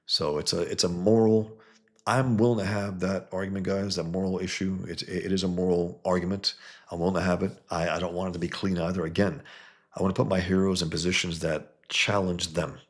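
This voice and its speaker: A man's voice: little pitch movement, brisk. A man, a comics creator, talking in a heated, blunt monologue and mocking other views. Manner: heated, blunt, mocks others with sudden high put-on voices. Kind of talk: casual opinionated monologue.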